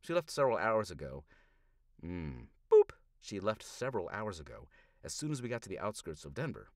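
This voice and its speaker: A man narrating an audiobook in first person, sardonic, swinging from hushed asides to loud outbursts, in a small hot booth. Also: low voice, huge pitch swings, fairly quick, no echo, clean studio sound. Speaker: audiobook narrator streaming a reading.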